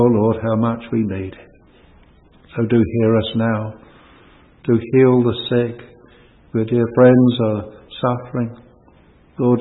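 A man leading a church prayer in a solemn, pleading tone, using old-fashioned thee and thou wording. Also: mid-range voice. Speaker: prayer leader at a church service. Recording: tinny phone-line sound with long hall reverb.

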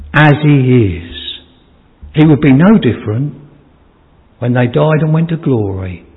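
Fervent preacher man, tinny hall recording. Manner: fervent, rising to high emphatic peaks then dropping soft; halting, with many restarts and pauses. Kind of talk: sermon.

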